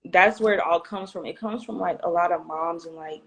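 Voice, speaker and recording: A woman's voice: lowish voice, fairly quick. A young woman co-hosting a podcast in frank, casual chat, telling stories and acting out what people said. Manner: frank, animated storytelling with quoted voices. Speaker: podcast co-host.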